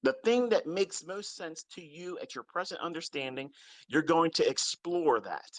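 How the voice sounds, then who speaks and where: A man's voice: fairly high pitch, expressive, moderate pace, dry recording. A man teaching trading, scolding his followers in a blunt, heavily profane rant and repeating his points for emphasis. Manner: stresses points by repeating them. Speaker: trading mentor. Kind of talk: unscripted ranting lecture to followers.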